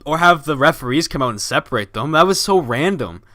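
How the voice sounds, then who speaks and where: A man's voice: a little high, lively intonation, brisk, bright, forceful tone, no room sound, clean studio sound. A young man co-hosting a podcast, chatting casually with wry jokes and rambling asides. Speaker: podcast co-host. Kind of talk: casual wrestling chat.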